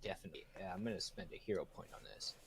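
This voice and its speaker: A man talking as a tabletop player in a relaxed, chatty way. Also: low voice, very fast, slight background noise. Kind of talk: tabletop role-play.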